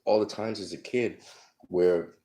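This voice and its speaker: A man's voice: fairly low pitch, fairly even intonation, unhurried, dark tone. A man telling his life story casually, profane and rambling, full of fillers, acting out the people in his stories.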